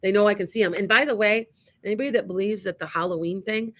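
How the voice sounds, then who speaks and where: A woman's voice: medium pitch, quick pace. A middle-aged woman, a medium hosting a radio show, telling a story casually and acting out the dialogue with many restarts. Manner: animated, acts out quoted dialogue, many restarts. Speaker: psychic medium and show host.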